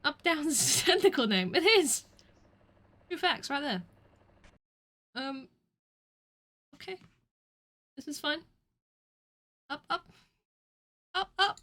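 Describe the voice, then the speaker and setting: A woman streamer chatting casually over a game, self-mocking and prone to sudden loud shouting. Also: high-pitched, big pitch swings, slow pace, pauses often. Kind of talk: casual gameplay commentary. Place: home.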